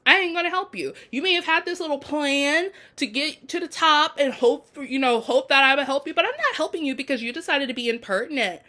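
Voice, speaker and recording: A woman's voice: high voice, lively intonation, brisk, hardly any pauses, sharp tone, voice pushed up. A woman voicing a petty, haughty goddess who refuses help with sassy, slangy dismissiveness.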